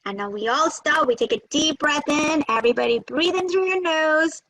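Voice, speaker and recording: A woman's voice: high voice, moderate pace, a bit bright. A woman leading children through tapping and breathing exercises on a video call, encouraging them and repeating affirmations for them to echo. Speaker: children's workshop leader. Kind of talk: guided tapping and breathing lesson for kids.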